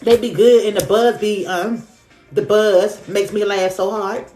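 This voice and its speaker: On a phone live stream, a woman doing tarot readings talks in a medium-pitched, fairly even voice that's a little slow and mellow. She affirms and repeats herself, chatting casually with plenty of slang, while soft music plays in an echoey room.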